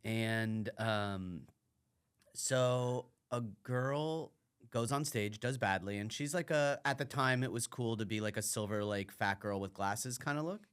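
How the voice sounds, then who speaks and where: A man's voice: on the low side, unhurried, fairly bright tone, clear, resonant tone. A man, a comedian guest on a podcast, chatting casually and reflectively, acting out his own past lines. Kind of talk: casual chat.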